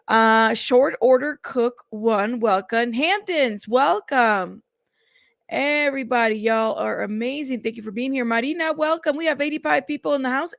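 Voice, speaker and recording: A woman's voice: fairly high pitch, vocal fry, dry recording, clean studio sound. A woman hosting a casual news livestream, greeting chatters by name in a chatty way. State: out of breath.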